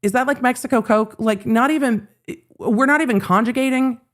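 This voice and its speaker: A woman hosting a live legal commentary stream, telling a story in a casual, animated way and acting out the lines she quotes. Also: a little high, brisk.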